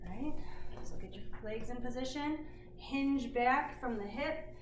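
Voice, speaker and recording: High-voiced encouraging woman fitness teacher. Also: unhurried. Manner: encouraging, counts reps in Japanese. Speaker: kids' exercise instructor. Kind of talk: leading a kids' workout class. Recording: roomy, distant, faint noise.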